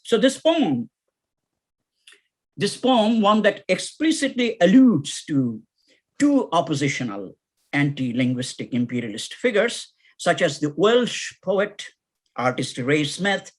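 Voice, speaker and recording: A man giving a plenary academic lecture, reading a poem aloud dramatically with shouted refrains. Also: on the high side. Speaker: plenary speaker.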